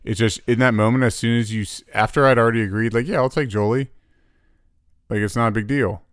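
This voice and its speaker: A man's voice: mid-range voice, steady tone, fast, clean tone, no room sound, clean studio sound. A man in his thirties talking through a disagreement with his partner in a reflective, apologetic way. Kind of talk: candid couple's chat.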